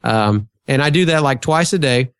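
A man's voice: mid-range voice, lively intonation, normal speed, clean tone, no room sound, clean studio sound. A man in casual conversation, talking at length with plenty of fillers and storytelling. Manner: chatty, storytelling, frequent fillers. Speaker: podcast guest. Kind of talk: casual chat.

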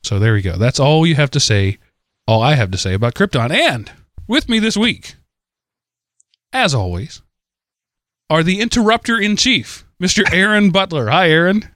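A man's voice: a little high, very animated, moderate pace, pauses often, a bit bright, dry recording. A man hosting a casual comedy podcast, giving wry announcer-style intros and chatting with his co-hosts on a close mic. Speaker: podcast host.

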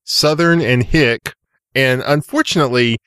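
A man's voice: mid-range voice, measured pace, sharp tone, clean tone, dry recording. A man co-hosting a casual podcast who chats in a wry way and often laughs. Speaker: podcast co-host.

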